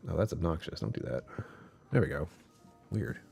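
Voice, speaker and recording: A man's voice: normal speed, gravelly, faint music behind. A man hosting a casual livestream, rambling and self-deprecating as he chats with viewers and chuckles often. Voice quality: deep voice that sometimes drops even lower. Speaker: live streamer hosting his channel.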